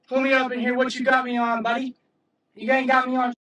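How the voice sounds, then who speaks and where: High-voiced agitated man. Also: monotone, fairly quick, sharp tone, low-quality recording. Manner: agitated, mocking, repeats denials. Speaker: arrested driver. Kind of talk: heated argument. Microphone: police camera.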